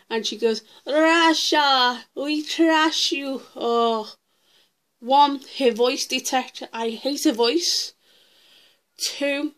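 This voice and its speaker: A woman ranting through a countdown list in her vlog, blunt and heated, swearing freely. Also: fairly high pitch. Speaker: vlogger.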